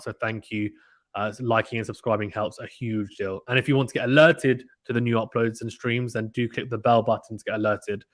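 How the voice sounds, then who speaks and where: Excitable man calling tennis live. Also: mid-range voice. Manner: chatty, excitable, reacts loudly to misses. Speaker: live stream commentator. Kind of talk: casual play-by-play commentary.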